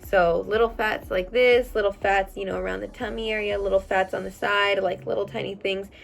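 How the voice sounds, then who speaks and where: A young adult woman vlogger chatting casually as she answers viewer questions, blunt and animated, with plenty of "um" and "like" fillers. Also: mid-range voice, a little fast, creaky, soft background music. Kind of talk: casual chat.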